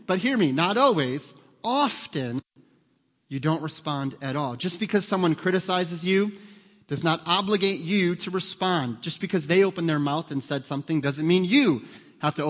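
Here the pastor's voice is fairly high in pitch and a bit bright. His sermon is conversational, full of questions to the congregation, and the sound carries a long hall reverb.

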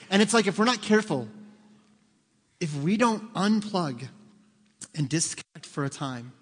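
Joking pastor preaching in a reverberant church. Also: male voice, fairly high pitch. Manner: lively, joking, acts out voices of children. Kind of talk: sermon. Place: church sanctuary. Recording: long hall reverb.

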